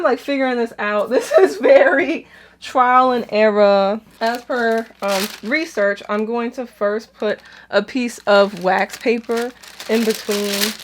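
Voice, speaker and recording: A young woman vlogging at home, chatting casually and laughing at herself as she talks through a do-it-yourself outfit project step by step. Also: medium pitch. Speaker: DIY fashion vlogger. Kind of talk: casual crafting vlog.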